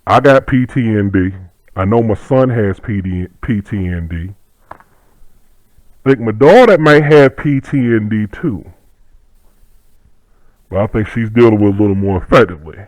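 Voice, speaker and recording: A man's voice: fairly low pitch, measured pace, long pauses, darkish tone, no echo, poor audio. Brief: middle-aged man, martial arts instructor, profane rambling talk, dry close sound. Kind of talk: casual monologue.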